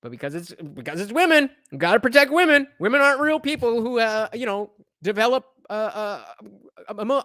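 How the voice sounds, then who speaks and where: Sarcastic man with a lively, swooping voice. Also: sits high, a little fast, no echo, studio quality. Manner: mocking, sarcastic, mimics the people he reacts to. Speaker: commentator reacting to podcast clips. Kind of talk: sarcastic reaction stream commentary.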